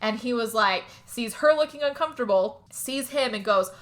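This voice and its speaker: A woman co-hosting a podcast, recapping a film's plot in casual chat, animated, laughing often and swearing freely. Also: on the high side, moderate pace, a little hiss or hum. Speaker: podcast co-host.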